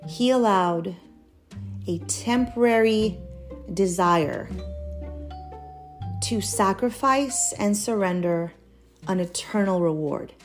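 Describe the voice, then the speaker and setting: A woman's voice: mid-range voice, takes it slowly, pauses often. A young woman giving a casual, earnest devotional Bible teaching, chatty with light laughs between points. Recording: soft guitar music behind.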